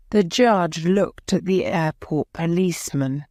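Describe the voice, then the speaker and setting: A woman narrating a graded-reader audiobook slowly and clearly. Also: deep voice, darkish tone, no room sound, studio quality. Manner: slow, clear, simple phrasing.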